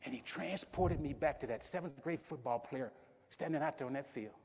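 A man's voice: medium pitch, brisk, a little hiss or hum. A middle-aged man giving a motivational keynote speech, telling stories with feeling and repeating key phrases. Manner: emotional storytelling with repeated phrases. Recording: reverberant hall, dull sound.

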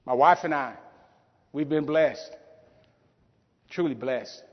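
A man's voice: a little high, takes it slowly. Middle-aged man giving a keynote in a hall. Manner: emotional storytelling with repeated phrases. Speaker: motivational keynote speaker. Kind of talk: motivational keynote speech. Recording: reverberant hall, dull sound.

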